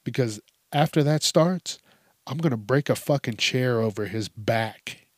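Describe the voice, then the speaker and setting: A man's voice: medium pitch, measured pace, dry recording, studio quality. A young man giving casual commentary on reader stories, swearing freely and laughing as he vents in mock outrage. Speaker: story commentator.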